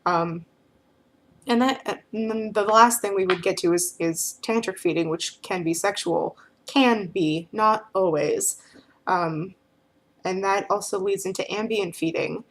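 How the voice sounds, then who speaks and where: A woman's voice: mid-range voice, measured pace. A woman talking casually to the camera, answering questions in a frank, rambling way full of filler phrases.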